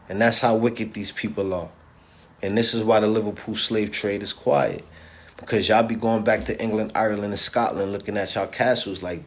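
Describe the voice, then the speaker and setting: A man with a somewhat low voice talks straight to his viewers in an impassioned, casual monologue. He hammers his points through repetition, stumbles into restarts and keeps checking in with his listeners. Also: steady tone, normal speed. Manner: emphatic and repetitive, with many restarts and "all right?" check-ins. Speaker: social media commentator.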